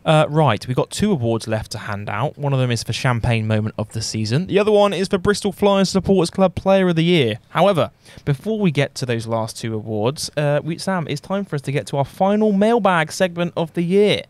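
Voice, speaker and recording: Male podcast host, slightly high voice, relaxed chatter, dry close mic. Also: a little fast, hardly any pauses, dry recording. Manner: chatty, with fillers and laughs. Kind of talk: casual podcast chat.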